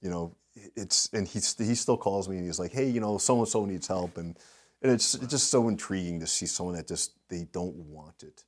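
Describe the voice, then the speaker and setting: A middle-aged man with a fairly low voice talks as an interview guest. He tells lively anecdotes and slips into the voices of the people he quotes. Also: moderate pace. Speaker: guest speaker, industry consultant. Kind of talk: storytelling in a podcast interview.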